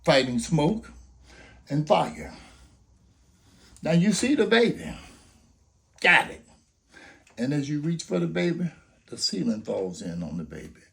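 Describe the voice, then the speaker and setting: Gravelly older man preaching an appeal. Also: fairly high pitch, sing-song, unhurried, pauses often. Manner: preacherly, rhetorical questions, storytelling. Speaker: grandfather urging people to vote. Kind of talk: impassioned spoken appeal.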